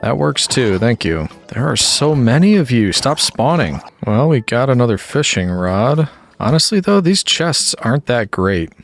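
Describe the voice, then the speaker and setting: A man giving relaxed, chatty gameplay commentary, thinking aloud as he plays. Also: mid-range voice, a little slow. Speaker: gaming YouTuber.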